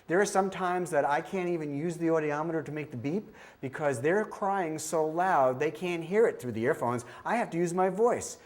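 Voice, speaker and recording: A man's voice: fairly high pitch, normal speed, hardly any pauses. A middle-aged man giving a training talk on screening children's hearing, telling stories and acting out the children and the test beeps. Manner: animated storyteller, acts out child voices and beeps. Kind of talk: training presentation with demonstrations.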